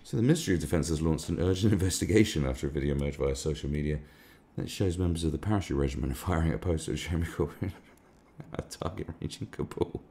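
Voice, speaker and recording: A man's voice: very deep voice, fast talker, vocal fry, dark tone. A man hosting a live stream, ranting sarcastically and swearing a lot in casual commentary. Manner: crude, sarcastic, swears often.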